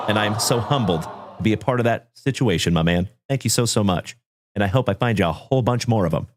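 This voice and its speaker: A man's voice: medium pitch, animated, brisk. A man hosting a sports card livestream, chatting casually and greeting viewers by name in a folksy, upbeat way. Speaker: card break livestream host.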